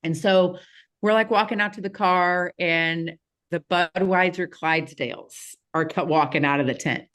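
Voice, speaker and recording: A woman, a podcast guest telling a childhood story in a casual, animated way with frequent laughs and fillers. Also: fairly low pitch, moderate pace. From Southeast Missouri, USA.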